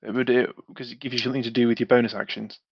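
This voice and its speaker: A man's voice: mid-range voice, little pitch movement, very fast, gravelly, slightly rough, no room sound. A man playing a tabletop game, easygoing and often stumbling over his words. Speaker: player. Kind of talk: casual tabletop banter. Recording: dry, dull lo-fi mic.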